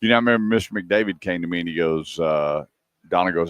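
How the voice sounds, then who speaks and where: Deep-voiced radio host guy telling a story, doing the voices of everyone in it, dry studio sound. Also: quick pace, dry recording. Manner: animated storyteller acting out quoted dialogue. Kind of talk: casual storytelling chat.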